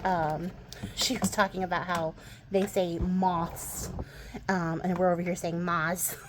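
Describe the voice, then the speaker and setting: A woman's voice: medium pitch, noisy background. A young woman from the western United States with a light Texas twang over a West Coast accent, rambling casually about her crafts with lots of fillers and laughs. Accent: mild Texas twang over a West Coast accent. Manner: chatty, rambling, laughs often, many fillers. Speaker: crafting channel host.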